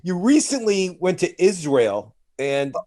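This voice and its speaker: A man's voice: sits high, big pitch swings, measured pace, dark tone. A man hosting a casual interview, cutting in to steer the conversation. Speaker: interview host.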